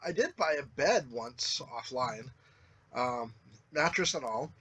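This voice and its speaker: A man's voice: medium pitch, expressive, takes it slowly, a bit bright, husky. A man co-hosting a podcast, telling laid-back anecdotes in casual chat and laughing between lines. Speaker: podcast co-host.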